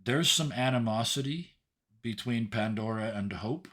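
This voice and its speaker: A man narrating as game master of a tabletop game in a halting, descriptive way. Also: medium pitch, a bit bright.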